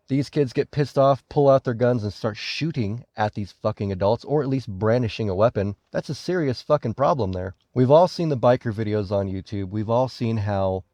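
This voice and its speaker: A man's voice: fairly low pitch, normal speed, hardly any pauses, dark tone, no echo. A man giving a rambling, profane, indignant commentary on a video. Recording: dull lo-fi recording.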